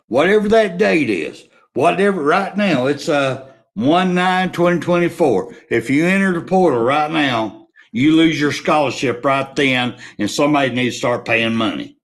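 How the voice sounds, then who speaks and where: Man, sports vlogger, slow delivery, lively swooping pitch, blunt and profane. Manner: animated, blunt, swears, rambling rant. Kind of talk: casual opinion rant.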